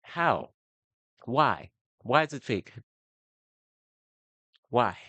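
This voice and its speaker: A man from Baltimore giving heated, profane reaction commentary, incredulous and quick to laugh, in his basement on a faulty home mic. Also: mid-range voice, sing-song, pushed and bright, slightly rough, no room sound, muffled recording. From Baltimore, USA. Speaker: reaction video host.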